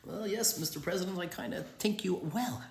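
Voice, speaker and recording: A man's voice: high voice, fairly quick, slight background noise. A man mimicking a flustered, stammering billionaire. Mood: sheepish. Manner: hesitant, stammering, sheepish. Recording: roomy echo.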